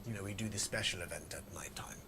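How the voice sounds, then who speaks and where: A man voicing a soft-spoken male judge in a comedy courtroom sketch, speaking slowly in a hushed tone. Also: low voice, gravelly, noisy background, voice pushed down. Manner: slow, hushed, drawn out.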